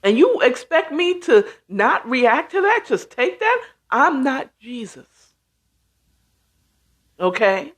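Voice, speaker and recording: A woman hosting a casual talk show in a slow, unhurried delivery. Her pitch sits a little high and swings widely as she stresses her points. She leans into emphasis and acts out little reactions as she goes. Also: very animated. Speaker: host.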